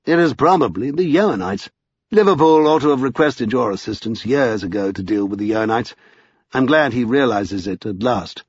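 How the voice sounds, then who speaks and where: A haughty, severe gentleman , voiced by a man who speaks with lofty scorn and a husky edge. His tone is clipped and superior. The recording is slightly dull. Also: mid-range voice, animated, moderate pace, no room sound. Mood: brisk.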